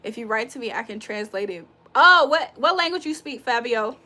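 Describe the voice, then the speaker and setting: Woman, livestream host, high voice, trash-talking, loud laughs. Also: animated, a little fast. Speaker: livestream host reading chat. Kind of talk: casual live chat.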